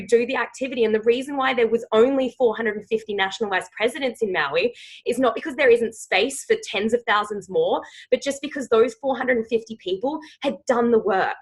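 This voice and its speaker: A woman's voice: a little high, husky, rough recording. A woman in her thirties leading a team training call, emphatic and rallying, often checking in with "okay?".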